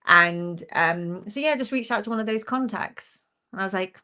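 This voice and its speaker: A woman in her forties, a country singer chatting as a guest and telling stories in a lively, animated way. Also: medium pitch, moderate pace, hardly any pauses. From England. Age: 40s. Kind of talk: casual chat.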